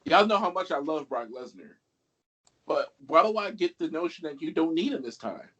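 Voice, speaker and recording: Slightly high-voiced man teasing his co-hosts. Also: big pitch swings, moderate pace, sharp tone, breathy edge, lo-fi sound. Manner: teasing, quizzes the others with questions. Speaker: podcast co-host. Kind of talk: casual wrestling chat.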